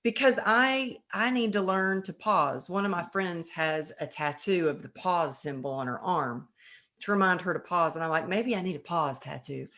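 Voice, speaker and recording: A woman hosting a podcast interview, chatting casually and acting out her own thoughts with lively energy. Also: fairly low pitch, moderate pace. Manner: animated, acts out her own inner voice. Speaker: podcast host.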